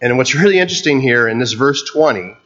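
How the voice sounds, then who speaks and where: A man whose first language is not English preaches a sermon in an earnest, teaching tone, often pausing and restarting his sentences. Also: medium pitch, animated, fairly bright tone, muffled recording. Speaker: pastor.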